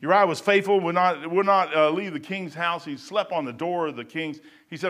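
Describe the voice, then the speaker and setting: A man preaching a sermon in a folksy, rambling way, swinging between loud bursts and quiet asides. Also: fairly high pitch, moderate pace. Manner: folksy and rambling, with stumbles and chuckles.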